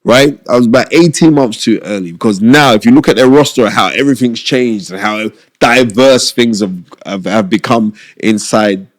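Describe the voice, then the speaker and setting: Middle-aged man, low voice, animated streetwise storyteller, dry studio sound. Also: moderate pace, hardly any pauses, no room sound. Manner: animated, repeats phrases, streetwise slang. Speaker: boxing pundit and former boxer. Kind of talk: casual storytelling interview.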